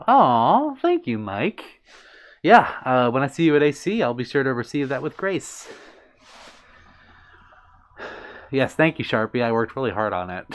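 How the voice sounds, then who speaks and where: A man hosting a casual livestream, reading out viewer comments with a playful, giggly manner and brushing off compliments bashfully. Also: mid-range voice. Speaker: livestream host.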